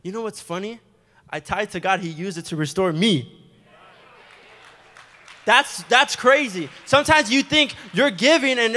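Young man preaching his testimony, lively storyteller with quick asides, bright tone, church hall reverb. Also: high voice. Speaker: guest preacher giving testimony. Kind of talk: sermon testimony. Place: church sanctuary.

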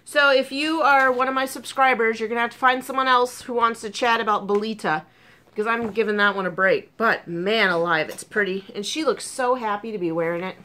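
A woman vlogger chatting casually about crochet projects, gushing and excitable with frequent ums, talking with a sore burnt tongue. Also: on the high side, brisk. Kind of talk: casual chat.

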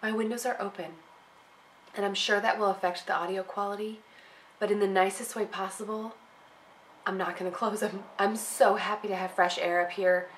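A woman vlogging casually from her home office, rambling and digressing, her voice deep and nasal from a cold. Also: little pitch movement, moderate pace, slight background noise, rough recording. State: congested from a cold. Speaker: blogger. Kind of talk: casual rambling vlog chat. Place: home office with windows open.

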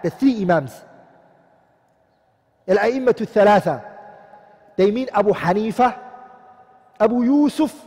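A man with a high, darkish voice gives a classroom lecture, posing questions to his students and then answering them himself. He repeats every key term, and the recording carries a long hall reverb.

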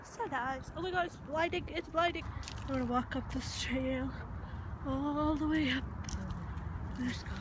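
In a high, steady voice, a twenty-something woman chats to her camera a little slowly with long pauses, giggly and talkative while out in a car and a park. Background noise and music sit behind her casual vlog.

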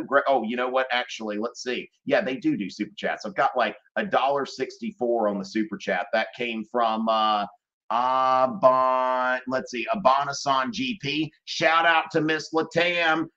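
Rambling, jokey man on a slightly dull livestream. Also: mid-range voice. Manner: rambling and jokey, lots of fillers and shout-outs. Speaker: teacher hosting a live exam review. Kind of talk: casual livestream chat.

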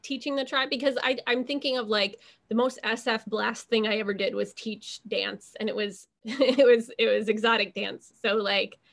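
A young woman with a gravelly, fry-laden voice talks through her ideas in a casual interview. Her speech wanders, full of fillers and restarted thoughts, in a middle register. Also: medium pitch, fairly bright tone. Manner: rambling, filler-heavy, restarts thoughts often. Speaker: interview guest.

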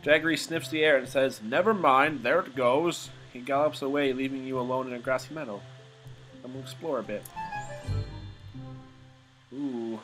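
Let's play guy, mid-pitched, joking, reads game text, faint music behind. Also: fairly even intonation, normal speed, long pauses, fairly bright tone, poor audio. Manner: casual, joking, swears at times. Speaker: gamer.

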